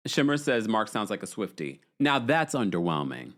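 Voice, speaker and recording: A male host chatting on a live stream, reading viewer comments in a sassy, animated way. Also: measured pace, hardly any pauses. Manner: animated, sassy, swooping pitch.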